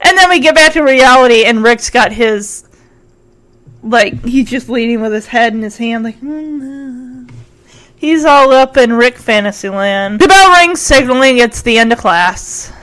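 A woman casually recapping a TV episode, giggly and animated, acting out the lines. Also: on the high side, moderate pace, rough recording. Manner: giggly, animated, acts out quotes. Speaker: recap host.

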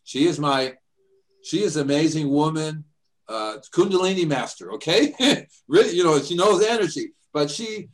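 A man's voice: a little high, expressive, normal speed, poor audio. An older man hosting a radio show, chatting casually and rambling through stories. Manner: rambling storyteller, acts out voices in his anecdotes. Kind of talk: casual chat.

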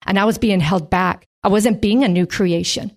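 A middle-aged woman giving a lively testimony in a sermon and acting out the voices in her story. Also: mid-range voice, normal speed. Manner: animated storytelling, acts out voices. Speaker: pastor's wife giving testimony.

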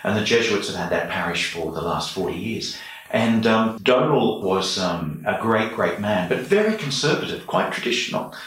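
A man's voice: lowish voice, animated, moderate pace, a bit bright. An Australian man, a priest, earnestly telling stories and reflecting during an interview. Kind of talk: storytelling in an interview. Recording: echoey room, mic far off.

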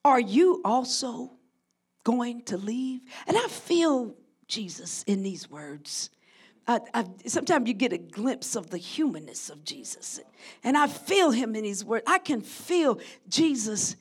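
A woman preaching a sermon who swings from hushed, drawn-out lines to shouted crescendos and calls out to her congregation. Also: fairly high pitch, very animated, breathy edge. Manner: call-and-response with the congregation.

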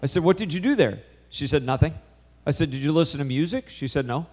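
A man's voice: a little high, expressive, fast talker, darkish tone. Preaching man in a reverberant hall. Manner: storytelling, quoting conversations with shifting emphasis. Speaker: pastor. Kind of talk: sermon.

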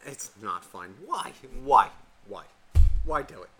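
A man's voice: fairly low pitch, slow, husky, faint music behind. A man co-hosting a podcast, telling a casual, profanity-filled story and acting out what people said. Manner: animated, swears a lot, acts out quotes. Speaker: podcast co-host.

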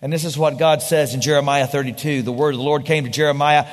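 A high-pitched male pastor preaches with dramatic swings, booming on key words and then dropping almost to a hush. His voice rings out in a large hall with a long reverb tail. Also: steady tone, fast, hardly any pauses. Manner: dramatic preaching, swinging from loud emphasis to hushed lines. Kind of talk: sermon.

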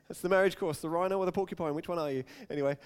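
High-voiced pastor in a reverberant hall. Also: male voice, smooth. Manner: storytelling, acts out quotes with sudden loud raised-pitch outbursts. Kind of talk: sermon.

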